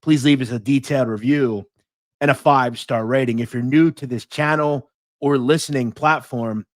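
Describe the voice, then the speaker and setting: A man's voice: medium pitch, steady tone, moderate pace, dry recording. Upbeat man hosting an interview podcast. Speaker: podcast host. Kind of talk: interview show intro and questions.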